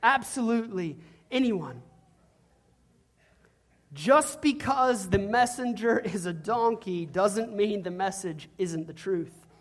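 A pastor preaching a sermon in an animated, humorous storytelling way, acting out little voices along the way. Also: mid-range voice, takes it slowly.

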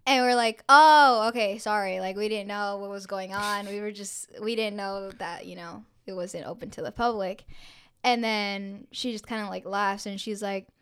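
A young woman, a podcast co-host, telling an anecdote in casual chat, animated and full of swearing, acting out quotes with lots of "like". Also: medium pitch, normal speed, clean tone. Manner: animated, swears a lot, acts out quotes with filler "like".

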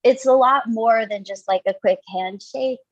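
Woman, guest doctor on a chat podcast; husky tone, pitch a touch high, laughs a lot while explaining. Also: unhurried, no echo, highs cut off. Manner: explanatory, self-conscious, laughs often.

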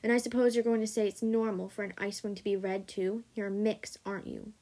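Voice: medium pitch, flat delivery, quick pace, a little mellow, natural voice. A podcast host reading the lines of a cold, hostile male ice dragon guard in a blunt, sneering way.

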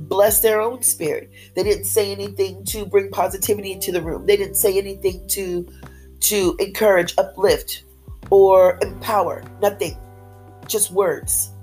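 A woman's voice: medium pitch, darkish tone, low-quality recording. Woman, faith-based motivational talk, peppy, upbeat, repeats phrases, faint background music. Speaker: motivational speaker.

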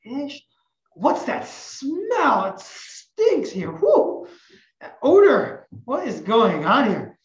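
A woman's voice: a little high, big pitch swings, very slow, echoey room, lo-fi sound, pitched above the performer's own voice, heavily acted. A woman acting a disgusted, baffled family. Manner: incredulous, exclaiming. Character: disgusted family recoiling at a stench.

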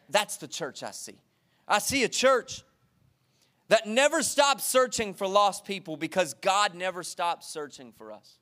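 High-voiced energetic preacher man. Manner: energetic, repetitive preaching with call-and-response. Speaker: pastor. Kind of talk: sermon. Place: church sanctuary.

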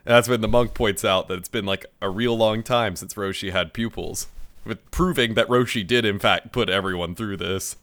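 A man chats through an anime episode recap in a relaxed podcast conversation. His voice is bright and forceful, sitting a little low. He laughs easily, swears freely and slips into quick impressions of the characters. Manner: laughs often, swears, acts out characters' lines. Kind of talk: casual chat.

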